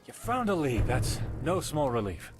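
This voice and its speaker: A man voicing a dutiful male captain of the guard in a modded game, brisk and matter-of-fact. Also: mid-range voice, sing-song, background noise, close to an everyday voice. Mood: stern. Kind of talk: modded game character dialogue.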